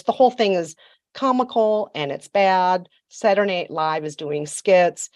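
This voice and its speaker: A woman's voice: fairly low pitch, a little slow, darkish tone, dry recording. A woman telling a story as a podcast guest, emphatic and sassy, with mocking asides. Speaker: podcast guest, royal commentator. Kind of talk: storytelling chat.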